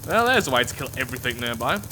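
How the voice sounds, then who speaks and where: A man's voice: mid-range voice, big pitch swings, racing, sharp tone, a little hiss or hum. A man commenting casually on his own gameplay as he builds, thinking aloud in a chatty, self-mocking way. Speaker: let's play gameplay host.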